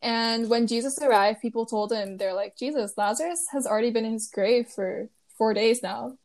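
A young woman with a slightly high voice walks through a Bible story in easy, casual talk. She keeps it plain and friendly and laughs softly at the odd parts. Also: moderate pace. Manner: retells scripture plainly with light laughs. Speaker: co-host retelling a Bible story. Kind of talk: casual Bible study chat.

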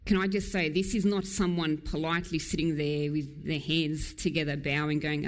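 A woman preacher delivering a sermon in a church, earnest and emphatic, quick in places and slow and low on key lines. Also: little pitch movement.

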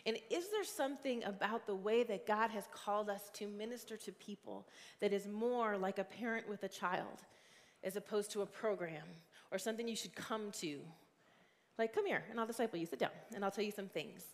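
A woman's voice: mid-range voice, brisk. A woman in her forties preaching a sermon as a guest speaker. She is conversational and earnest, with plenty of fillers. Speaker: guest preacher and youth ministry leader. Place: church sanctuary. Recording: long hall reverb.

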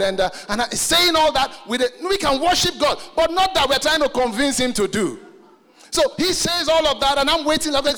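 A man's voice: extremely high pitch, lively intonation, moderate pace. A man preaching a sermon emphatically and calling out to the congregation. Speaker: pastor. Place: church hall. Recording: reverberant hall with soft music.

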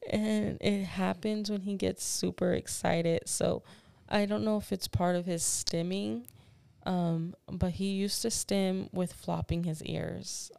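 A woman with a low, gravelly voice chats with a co-host on a podcast. She tells stories with energy and laughs often. The sound is close and dry. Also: takes it slowly, dry recording. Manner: animated storytelling, acts out voices, laughs often. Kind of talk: casual chat.

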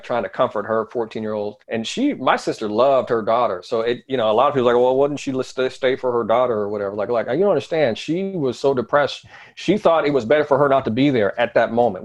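A middle-aged man, a guest in an interview, telling a personal story in an earnest way that often sinks to a quiet low voice.

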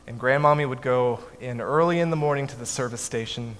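A man telling a family story to an audience in a measured way, with his voice dropping softly at the ends of lines. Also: medium pitch. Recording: echoey hall, faint background noise.

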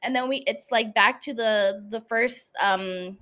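High-voiced young woman, casual and cussing. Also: unhurried, fairly bright tone. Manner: chatty, swears freely, laughs often. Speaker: podcast host. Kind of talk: casual solo podcast chat.

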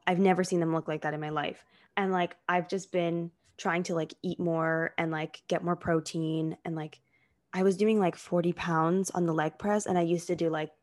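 A young woman co-hosting a podcast, chatting casually and filling her sentences with "like". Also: fairly low pitch. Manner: chatty, heavy use of "like" fillers. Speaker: podcast co-host. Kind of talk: casual chat.

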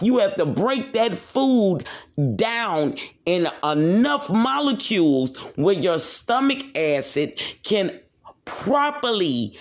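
A man delivering a profane, preachy solo podcast rant, repeating his points for emphasis. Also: high voice. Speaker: podcast host.

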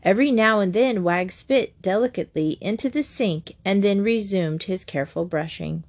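Woman narrator, mid-pitched, gentle children's-book reading. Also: normal speed.

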